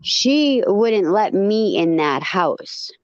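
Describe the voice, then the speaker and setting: A woman telling a story in casual chat, blunt and profane, with animated retelling. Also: medium pitch, extremely slow, muffled recording, background noise.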